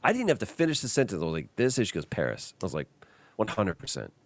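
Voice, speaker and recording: A man with a very low voice chats casually as a podcast host. He tells animated stories and slips into the voices of the people in them. The sound is dry and close to the mic. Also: quick pace, no room sound. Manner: animated storyteller, acts out quotes. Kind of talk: casual chat.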